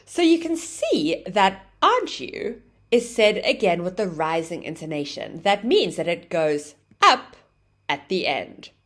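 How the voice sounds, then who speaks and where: A woman teaching an English grammar lesson, explaining clearly and acting out example phrases with exaggerated rising and falling intonation. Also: fairly low pitch, sing-song, a little slow.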